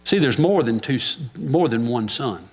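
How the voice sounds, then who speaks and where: A man's voice: medium pitch, lively intonation, unhurried, a little mellow, husky. A man preaching a sermon in church, asking the congregation questions and answering them himself.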